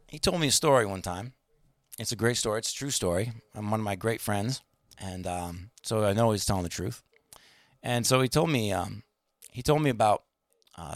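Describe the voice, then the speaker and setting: A man's voice: fairly low pitch, fairly bright tone, no echo, clean studio sound. A man telling a long anecdote in casual chat, rambling with many fillers and restarts and acting out the people he quotes.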